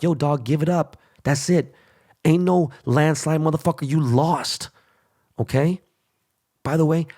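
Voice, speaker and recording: A man's voice: on the high side, creaky, darkish tone. A man hosting his own podcast, ranting bluntly and heatedly with constant profanity. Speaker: podcast host. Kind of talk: profane solo rant.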